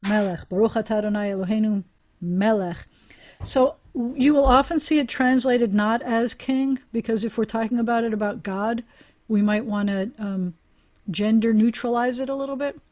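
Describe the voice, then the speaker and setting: A woman's voice: fairly high pitch, normal speed, a little mellow. A woman rabbi teaching a Hebrew class over a video call, chatty and encouraging, often laughing with her students.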